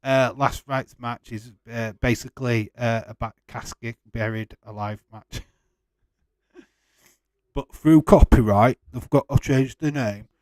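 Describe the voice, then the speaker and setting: Slow-talking man with a dry sound. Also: medium pitch, steady tone, a little mellow, no echo. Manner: chatty, laughs often, lots of fillers. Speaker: watch-along host. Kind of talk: casual live-stream chat.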